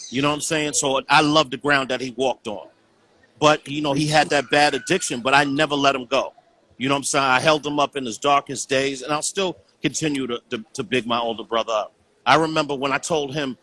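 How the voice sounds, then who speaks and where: A man's voice: mid-range voice, fairly even intonation, a little fast, sharp tone, slight background noise. A man talking earnestly in a casual call conversation as a guest, often saying "you know what I'm saying".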